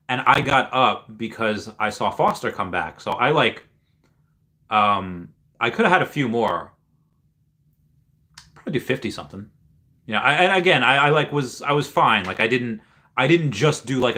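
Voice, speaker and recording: A young livestream host reads viewer chat aloud, rambling with many fillers and restarts. His lowish voice comes across pushed and bright.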